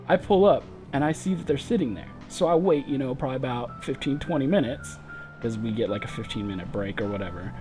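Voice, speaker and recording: A man's voice: mid-range voice, expressive, fast, dark tone, soft background music. A man livestreaming a game, telling a long profane story in a frustrated casual rant and laughing through it. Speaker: gaming livestreamer.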